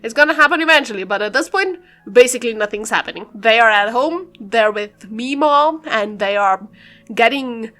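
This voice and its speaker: Giggly high-voiced young woman rambling. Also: animated, moderate pace, fairly bright tone, faint music behind. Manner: rambling, giggly, lots of fillers. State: a bit out of breath. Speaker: YouTuber doing a game build voiceover. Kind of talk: casual voiceover commentary.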